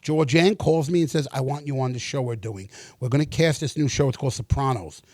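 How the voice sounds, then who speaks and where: Middle-aged man, interview guest, animated storyteller, acts out voices, swears, dry close sound. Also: medium pitch, a little fast, no room sound. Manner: animated, acts out quoted dialogue, swears freely.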